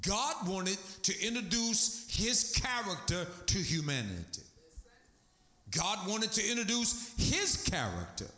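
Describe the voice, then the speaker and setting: A man's voice: sits high, very animated, slow pace, bright, forceful tone. A man preaching a sermon as pastor, emphatic, with sweeping swings in his delivery. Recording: echoey room.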